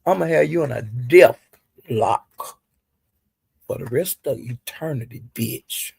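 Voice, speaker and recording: A woman's voice: extremely low pitch, expressive, creaky, a little mellow, slightly rough, dry recording, studio quality. A woman hosting a live stream, ranting and cursing heatedly at someone while chatting with viewers. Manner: cursing, heated, drawn-out insults. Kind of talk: angry profane rant to viewers.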